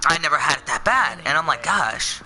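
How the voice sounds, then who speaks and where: A man's voice: on the high side, lively intonation, a little fast, pushed and bright, a little hiss or hum, rough recording. A young man telling a personal story in a casual, rambling way, full of fillers and self-corrections. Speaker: vlogger.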